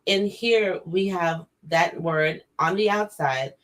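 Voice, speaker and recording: Low-voiced woman arguing her point. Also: slow, fairly bright tone. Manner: argumentative, questioning, laughs along. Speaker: podcast co-host. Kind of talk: casual opinionated chat.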